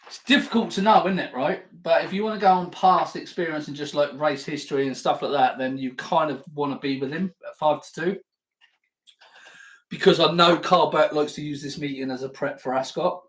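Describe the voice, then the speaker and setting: A man hosts a live stream and chats with his viewers, rambling, swearing, and stammering through restarts. His husky voice is a little high, a little fast, and a bit bright, captured in a low-quality recording.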